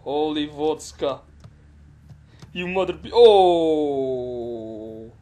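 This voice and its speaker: A man putting on a fake Russian accent to play a crude, excitable commentator called Vladimir, swearing and laughing over a game. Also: fairly high pitch, very slow. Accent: put-on Russian accent. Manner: swears a lot, laughs and yelps at crashes. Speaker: gameplay commentator. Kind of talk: comic game commentary in character.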